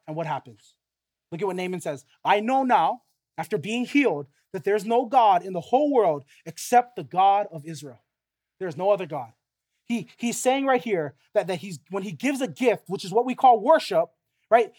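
A young man preaching a sermon as a pastor, emphatic and conversational, checking in with "right?" and "okay?". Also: high-pitched.

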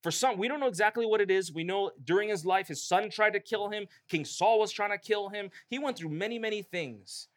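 Pastor, male, emphatic sermon delivery, slightly higher voice. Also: brisk, few pauses. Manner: emphatic preaching with rising emphasis.

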